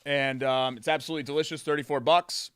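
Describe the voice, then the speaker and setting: A man's voice: medium pitch, steady tone, fast, a bit bright, clean tone, no room sound, clean studio sound. A man co-hosting a sports podcast, chatty and enthusiastic as he reads sponsor plugs. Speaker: podcast co-host. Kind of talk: casual sports chat.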